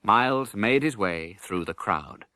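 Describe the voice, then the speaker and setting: A man narrating a children's audiobook in an animated, expressive way. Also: on the low side, measured pace, dry recording, clean studio sound. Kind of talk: storybook narration.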